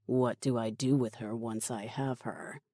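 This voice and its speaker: Narrator voicing a low, cruel henchman. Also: expressive, drawn-out words, a little mellow, breathy edge, no room sound, studio quality, full character voice. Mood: sullen. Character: cruel, resentful male henchman.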